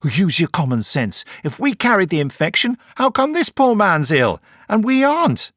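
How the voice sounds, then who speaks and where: A man's voice: sing-song, normal speed, fairly bright tone, dry recording, studio quality. A man voicing a spirited young woman companion in an audiobook, pleading and indignant in a raised voice. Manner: indignant, pleading, high-pitched.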